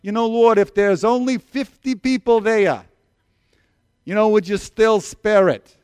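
A man's voice: sits high, unhurried, a little mellow, clear, resonant tone, dry recording, studio quality, voice pushed up. A man putting on an older man with a New York accent, bargaining in a pushy, wheedling way. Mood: haggling. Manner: wheedling, haggling. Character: fussy old male bargainer, pushy haggler.

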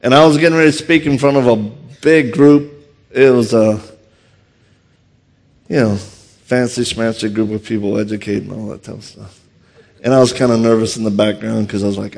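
Fast-talking man with a Louisiana accent. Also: medium pitch, gravelly. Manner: fast, animated, self-deprecating. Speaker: martial arts instructor and speaker. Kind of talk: humorous storytelling talk. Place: on stage before an audience.

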